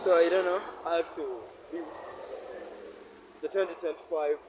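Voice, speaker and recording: A man's voice: on the high side, steady tone, measured pace. A Ugandan man vlogging while walking a rainy city street, musing aloud and asking himself questions over and over. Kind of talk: reflective walking vlog monologue. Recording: faint street and traffic noise.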